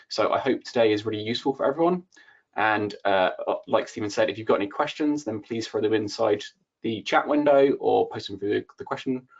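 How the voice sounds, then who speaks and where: Low-voiced man with muffled call audio. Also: creaky. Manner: polite, relaxed, some uhs. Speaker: solutions architect guest. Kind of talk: brief webinar introduction. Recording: dull lo-fi online call audio.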